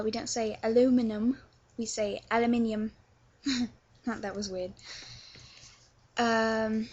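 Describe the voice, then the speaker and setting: A woman's voice: a little high, breathy edge, highs cut off. A young woman from England with a London accent, chatting her way through a casual tutorial with lots of filler words. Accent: London English. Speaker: vlogger teaching accents.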